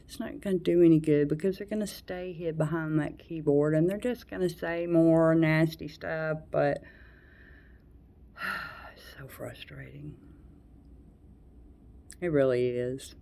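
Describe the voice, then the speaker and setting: A woman's voice: low-pitched, unhurried, gravelly, pauses often, warm tone. A woman in her late forties venting frankly to camera in a rambling monologue, with blunt swearing and heavy sighs. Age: 40s. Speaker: vlogger.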